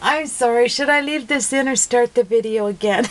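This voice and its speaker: A woman's voice: fairly high pitch, moderate pace, a little hiss or hum, low-quality recording. A woman chatting casually while making a card, giggly and rambling, laughing at herself. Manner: giggly, rambling, self-mocking. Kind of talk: casual crafting video chat.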